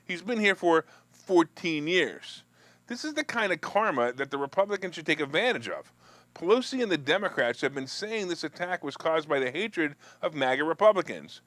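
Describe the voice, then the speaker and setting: Guy hosting a live money and politics show, kinda high voice, loose and jokey, dry close mic. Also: sing-song, moderate pace, fairly bright tone, no room sound. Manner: loose and joking, with restarts and asides to viewers; mocks opponents in a whiny high voice. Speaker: host of a stock market talk show. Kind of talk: live-streamed political and finance chat.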